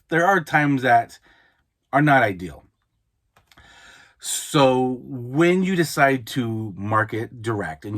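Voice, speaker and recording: A man's voice: mid-range voice, a bit bright. A man hosting an advice podcast, talking casually and often restarting his sentences. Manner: conversational, frequent restarts and repeated words. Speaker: podcast host, mobile notary. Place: Utah, United States.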